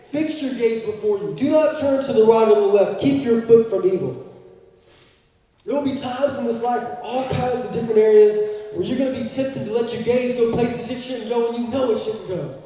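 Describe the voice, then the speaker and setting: A pastor delivers a sermon in a high, mellow voice. He moves between emphatic, repeated points and loose joking asides. The sound is roomy, with a long church-hall reverb and the mic set well back from him. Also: normal speed, recorded from a distance.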